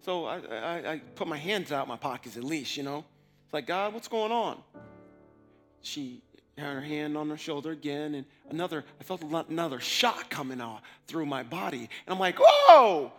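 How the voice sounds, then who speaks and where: A man's voice: on the high side, a little fast, fairly bright tone, soft background music. A man telling a personal faith story in a casual way, acting out his own past words as quotes. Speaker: person giving a testimony.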